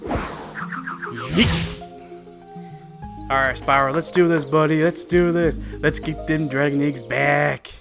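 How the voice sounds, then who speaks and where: A man's voice: a little high, fairly even intonation, normal speed, vocal fry, few pauses. A man hosting a let's-play, chatting enthusiastically with his viewers about the game as he plays. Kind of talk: video game commentary. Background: game music.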